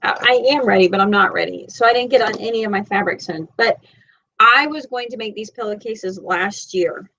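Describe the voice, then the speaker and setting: A woman's voice: mid-range voice, fairly quick, vocal fry, sharp tone, highs cut off. A woman with a Southern Florida accent, teaching a live-streamed sewing tutorial from home in a chatty, rambling, self-deprecating way. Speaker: sewing instructor. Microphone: computer mic.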